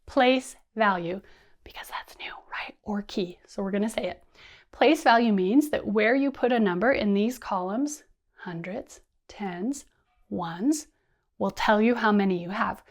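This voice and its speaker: A woman's voice: mid-range voice, measured pace. Woman, teacher trainer, instructional video, upbeat call-and-response. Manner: upbeat, models call-and-response counting with students. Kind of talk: instructional video modeling classroom talk.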